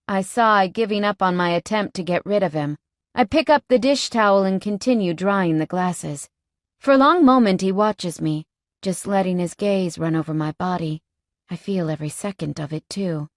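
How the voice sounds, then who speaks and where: A woman's voice: on the low side, normal speed, no echo, studio quality. A woman reading a first-person romance novel aloud, with a wry, guarded manner. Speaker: audiobook narrator.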